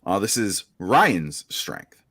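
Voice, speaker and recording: A man's voice: low-pitched, very animated, slow, bright, forceful tone, husky, no echo, clean studio sound. A man co-hosting an online trivia quiz, reading questions and cracking jokes about movies. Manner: joking, does movie quotes. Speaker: trivia co-host. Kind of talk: quiz banter.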